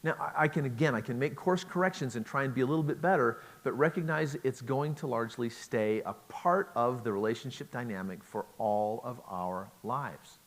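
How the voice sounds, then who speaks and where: A man's voice: medium pitch, moderate pace, hardly any pauses. A middle-aged man giving a relationship talk at a conference, chatty and joking, asking the audience questions. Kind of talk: lecture to a live audience.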